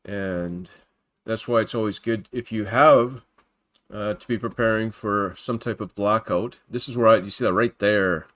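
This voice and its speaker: A man's voice: on the low side, unhurried, a bit bright. A man talks casually into his computer microphone at home, hosting a Christian livestream. His delivery is chatty and wandering, with plenty of asides. He greets his viewers by name as he reads through news on his screen. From Canada.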